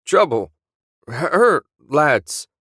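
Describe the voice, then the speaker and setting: A man voicing an old man shouting broken, frantic calls for help over a garbled message. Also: a little high, sing-song, very slow, breathy edge, dry recording, studio quality, voice pushed up, heavily acted.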